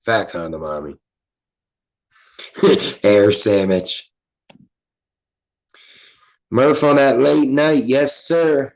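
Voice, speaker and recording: Casting: relaxed Philly guy, loose and profane streaming chatter, mid-pitched voice. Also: extremely slow, long pauses. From Philadelphia. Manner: laid-back, profane, reading chat aloud. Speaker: livestream host. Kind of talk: casual livestream chat.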